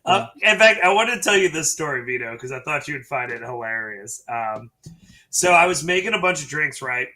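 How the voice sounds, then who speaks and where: Man, lively bar storyteller, bright voice, pitch jumps around, laughs between lines. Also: a little fast. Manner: animated, laughs while telling bar stories. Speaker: bartender and co-host. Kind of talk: casual storytelling chat. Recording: live stream call audio.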